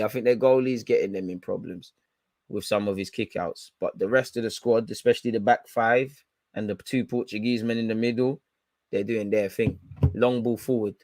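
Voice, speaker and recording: A man's voice: on the low side, normal speed, a little mellow, no room sound. A young man giving blunt, slangy, frustrated running commentary while watching a football match live. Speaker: football fan channel host.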